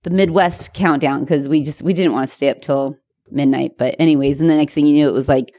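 A woman co-hosting a casual podcast, relaxed and slangy, laughing often. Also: extremely low pitch, fast, dry recording, studio quality. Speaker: podcast co-host. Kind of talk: casual chat.

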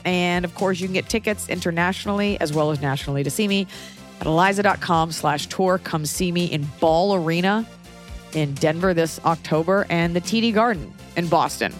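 A woman podcast host in her thirties telling a casual story in a frank, animated way, often acting out what people said. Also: lowish voice, brisk, soft background music. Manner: animated, acts out quoted voices, frank and profane.

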